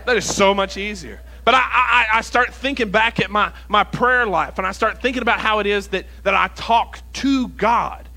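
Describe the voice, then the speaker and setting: A man preaching a sermon as associate pastor in a church, emphatic and repetitive, dropping to quiet asides. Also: sits high, normal speed, gravelly, hardly any pauses.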